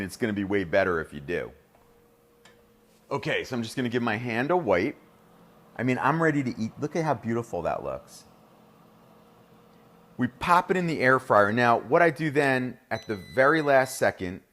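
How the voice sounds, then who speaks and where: A man's voice: on the low side, fairly bright tone. A middle-aged man with a New Jersey accent, hosting a live cooking demonstration in a kitchen and chatting enthusiastically to viewers. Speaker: chef and host.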